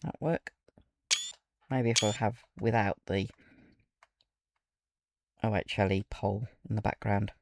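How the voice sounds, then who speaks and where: A man giving relaxed, musing commentary while playing a train simulator, talking to himself between pauses. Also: lowish voice, creaky. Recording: loud game engine and rail noise over the voice. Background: loud simulated locomotive and ambient game sounds.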